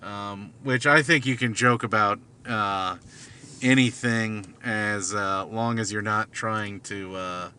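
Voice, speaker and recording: A man's voice: lowish voice, fairly even intonation, slow pace, pushed and bright, slight background noise. A man rambling casually from his car at night, hesitant, with many fillers and restarts. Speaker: vlogger.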